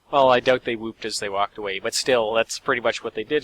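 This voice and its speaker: A man's voice: mid-range voice, fast talker, few pauses, a bit bright, no echo, low-quality recording. A man hosting a let's play, reading the game's story aloud and breaking off for joking asides.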